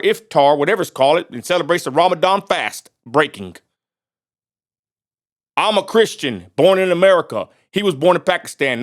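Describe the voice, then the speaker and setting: A man from Texas, delivering a confrontational vlog rant that repeats its points and fires off rhetorical questions. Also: fairly high pitch. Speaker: vlogger. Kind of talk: confrontational direct-to-camera rant.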